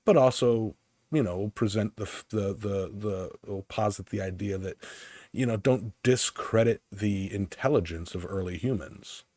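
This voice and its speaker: A man co-hosting a casual livestream chat, talking haltingly with many fillers and restarts. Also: fairly low pitch, darkish tone, no echo, clean studio sound. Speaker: podcast co-host.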